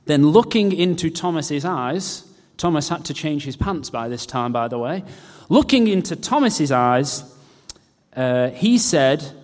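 A man preaching in a church hall, his fairly high voice ringing with a long echo. He reads scripture and breaks off for joking, self-mocking stories about himself. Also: animated, measured pace, a little mellow. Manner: humorous, self-mocking asides. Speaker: pastor. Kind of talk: sermon. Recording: long reverb of a large hall.

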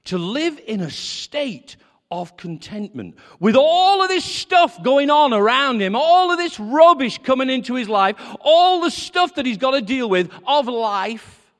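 A man preaching a sermon with a high, lively voice that leaps up and down as he acts out little dialogues. His talk is chatty and personal, and the sound rings with the long reverb of a big hall. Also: measured pace. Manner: lively, conversational, acts out quotes.

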